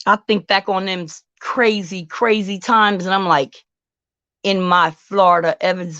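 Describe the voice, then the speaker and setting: A woman hosting a casual live-stream chat, sassy and drawn-out, talking back to her chat. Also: mid-range voice, fairly even intonation, pushed and bright, no echo, dull audio. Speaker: host.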